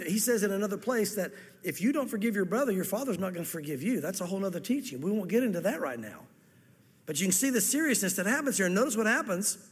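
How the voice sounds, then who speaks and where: A man's voice: high voice, a bit bright, husky. A man preaching a sermon, earnest, acting out the parable's dialogue in different voices. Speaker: pastor. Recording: long hall reverb.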